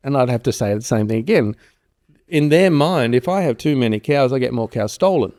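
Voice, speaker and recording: A man's voice: mid-range voice, brisk. A middle-aged man, telling stories in a rambling, casual way as a farm consultant in an interview. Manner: rambling, animated storyteller who acts out quoted voices.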